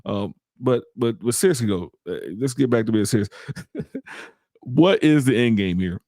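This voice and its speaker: A man's voice: medium pitch, animated, normal speed, mellow, dry recording, clean studio sound. A man hosting a podcast, giving casual political commentary in a mocking, joking way and often laughing. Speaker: podcast host.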